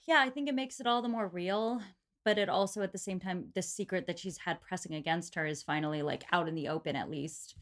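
A woman's voice: fairly low pitch, a little fast, fairly bright tone. A woman co-hosting a podcast, chatting casually with an easygoing, wry manner. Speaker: podcast co-host. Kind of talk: casual book-club chat.

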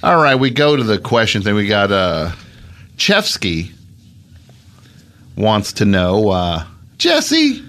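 A man's voice: lowish voice, huge pitch swings, slow, long pauses, fairly bright tone. A man hosting an improvised comedy podcast bit, sarcastic and grumbling.

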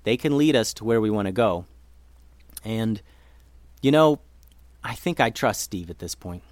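A level-headed ninja companion, voiced by a man, talks things through in an easygoing, reasonable way. He is a calm figure in a children's story podcast. The recording is dry. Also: fairly low pitch, unhurried, no echo. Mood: reasoning.

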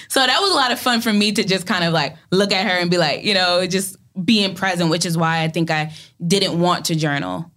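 A young woman, an actor guest in an interview, telling animated stories and acting out quotes. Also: lowish voice, fast, hardly any pauses. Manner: animated storytelling, acts out quotes. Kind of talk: casual interview talk.

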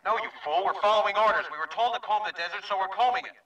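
A brusque officer barks in a high, rushed voice. The sound is a dull, roomy film track heard from a distance. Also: male voice, bright, forceful tone. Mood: scolding. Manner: curt, scolding.

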